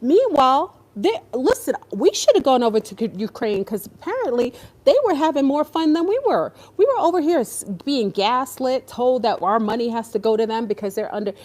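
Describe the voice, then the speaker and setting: Woman, fairly high voice, casual ranting commentary, exasperated, sarcastic. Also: brisk, hardly any pauses. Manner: animated, exasperated and sarcastic, with mocking put-on voices. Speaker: podcast host.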